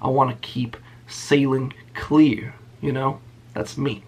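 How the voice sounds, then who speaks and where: A man's voice: mid-range voice, little pitch movement, slow pace, husky. A young man telling a story about an old job to his channel, blunt and sarcastic, swearing often. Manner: blunt and profane. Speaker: YouTuber. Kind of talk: storytime rant.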